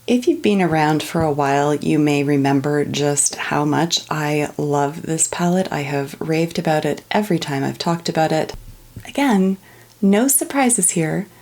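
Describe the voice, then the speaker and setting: A woman's voice: low voice, a little slow, a little mellow. A young adult woman from Canada talking casually and in detail about makeup palettes she is keeping. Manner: chatty, easygoing, detailed product commentary. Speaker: beauty vlogger. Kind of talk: casual makeup declutter talk.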